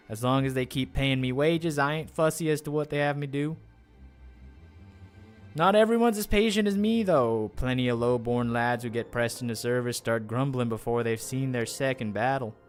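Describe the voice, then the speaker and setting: Guy putting on a country drawl for a grumbly low-born soldier, folksy. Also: moderate pace, faint music behind, close to an everyday voice. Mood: wry. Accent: put-on rural country accent. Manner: drawling, folksy, plain-spoken.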